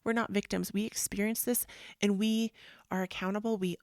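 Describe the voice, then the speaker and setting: A woman hosting a yoga and self-help talk, speaking earnestly and emphatically in a casual motivational style, sometimes dropping into soft, whispery asides. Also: mid-range voice, level tone, moderate pace, no room sound, studio quality. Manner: earnest and emphatic, with frequent "like" and "freaking".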